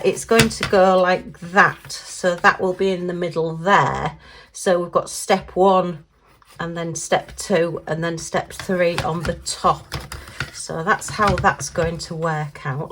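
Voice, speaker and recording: A woman talking casually through an unboxing. She is chatty and quick to exclaim and giggle, and she talks to herself as she works. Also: mid-range voice, fairly bright tone, a little hiss or hum. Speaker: craft vlogger.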